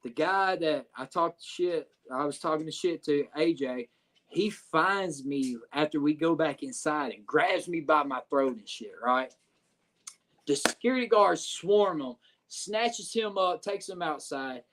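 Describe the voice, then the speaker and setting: A man, a podcast guest telling a story in a profane, animated way with lots of filler phrases. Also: on the high side, a little slow. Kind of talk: casual storytelling.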